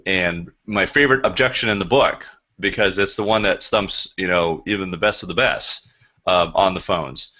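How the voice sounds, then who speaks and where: Bright-voiced man telling a sales story. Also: deep voice, moderate pace, dull audio. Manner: animated storyteller, acts out phone calls. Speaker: real estate agent.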